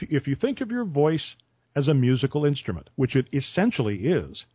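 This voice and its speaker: A man's voice: mid-range voice, husky, dry recording. Radio-veteran man, storytelling, dry slightly muffled recording. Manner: storytelling with chuckles. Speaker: radio interviewer. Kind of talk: conversational podcast interview.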